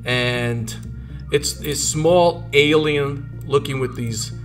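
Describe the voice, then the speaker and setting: A man's voice: mid-range voice, drawn-out words, fairly bright tone, soft background music. A man narrating a tabletop game as game master, in a loose, rambling way with many fillers.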